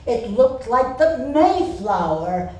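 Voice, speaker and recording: A woman's voice: on the high side, very animated, slow, warm tone. A woman in her nineties from Boston, telling comic stories on stage in a wry, laughing manner. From Boston, USA. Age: 90s. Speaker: cabaret performer. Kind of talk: live comic storytelling. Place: theater stage. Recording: echoey theater, far from mic.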